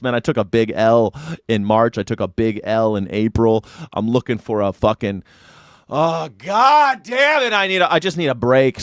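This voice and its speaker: A man's voice: mid-range voice, clean tone, no echo, clean studio sound. A man hosting a live news reaction stream, talking casually, joking and mocking, swearing freely. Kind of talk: casual livestream commentary.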